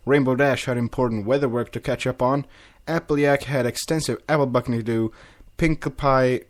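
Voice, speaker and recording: A man hosting a podcast, reading a fan story aloud with lively delivery and casual asides. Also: mid-range voice.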